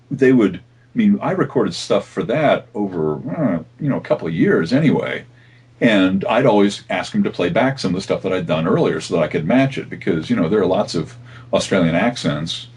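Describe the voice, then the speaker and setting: A middle-aged man, a voice actor, chatting casually in an interview, animated and laughing often. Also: low-pitched, slightly rough. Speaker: voice actor guest.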